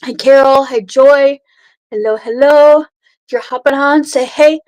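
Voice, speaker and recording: Woman in her thirties, makeup livestream host, slightly high voice, chatty, greets viewers by name. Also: steady tone, unhurried, a little mellow, low-quality recording. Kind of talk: casual livestream chat and makeup tutorial. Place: home at night.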